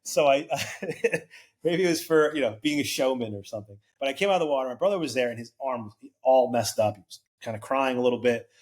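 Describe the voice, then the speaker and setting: A man's voice: mid-range voice, brisk. A man in his forties, a podcast guest telling a long personal story in a casual, rambling way, full of "like" fillers and acted-out quoted voices.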